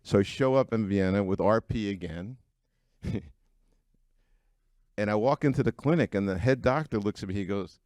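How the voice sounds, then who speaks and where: A man's voice: lowish voice, normal speed, long pauses, a little mellow, dry recording, clean studio sound. A middle-aged man telling personal stories to a live audience in a frank, conversational way, with frequent fillers. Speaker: keynote speaker at an entrepreneurs' breakfast. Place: event venue before an audience.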